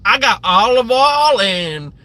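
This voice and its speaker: A man's voice: very high-pitched, sing-song, takes it slowly, pushed and bright, dry recording, voice pushed up, full character voice. A man doing a mocking impression of a folksy southern woman TV cook with a put-on Southern US drawl.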